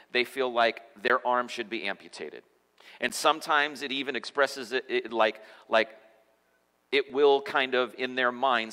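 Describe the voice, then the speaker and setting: Male pastor preaching casually to a congregation, bright voice, echoing church hall, frequent restarts. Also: medium pitch. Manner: conversational preaching with frequent restarts and repeated words. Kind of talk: sermon. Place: church sanctuary.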